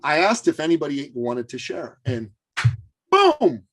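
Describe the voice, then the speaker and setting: A man telling a story as an interview guest, animated and full of fillers and restarts. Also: on the high side, normal speed, faint music behind.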